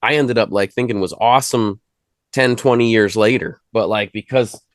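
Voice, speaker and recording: A rapper chats as an interview guest in a low, relaxed man's voice. He rambles and restarts his sentences, then slips into jokes. The sound is dry and close, with no room echo. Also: moderate pace. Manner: rambling, many restarts and fillers; laid-back, jokey. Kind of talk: casual conversation.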